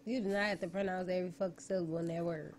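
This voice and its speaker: A woman's voice: fairly low pitch, fairly even intonation, racing, darkish tone. A woman, co-hosting a casual comedic chat, blunt, profane and emphatic.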